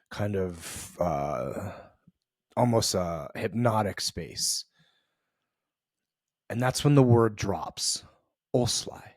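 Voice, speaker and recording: Low-voiced man telling a story. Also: a little mellow, no room sound, studio quality. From US East Coast. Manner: loose and conversational, many fillers and restarts. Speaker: podcast host. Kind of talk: reflective storytelling monologue.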